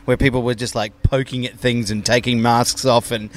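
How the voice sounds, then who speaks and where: A man's voice: mid-range voice, level tone, moderate pace, a little hiss or hum. A man co-hosting a podcast, chatting casually and enthusiastically about films and swearing freely. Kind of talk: casual film discussion.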